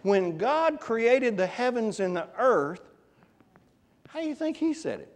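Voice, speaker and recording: A man's voice: very high-pitched, big pitch swings, measured pace, big-room sound. A man preaching a conversational sermon, often putting questions to his congregation. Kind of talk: interactive Bible class sermon. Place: church.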